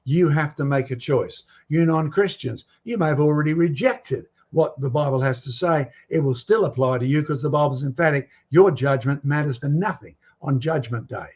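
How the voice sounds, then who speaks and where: A man's voice: on the high side, moderate pace, few pauses, darkish tone, husky, highs cut off. A man giving a lecture with slides to a live audience, speaking emphatically and quizzing his listeners with provocative questions. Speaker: guest lecturer.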